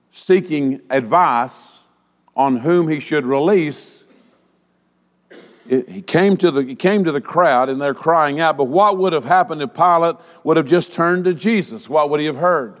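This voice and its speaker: A male pastor delivering a sermon, asking rhetorical questions and using dramatic pauses. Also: a little high, big-room sound.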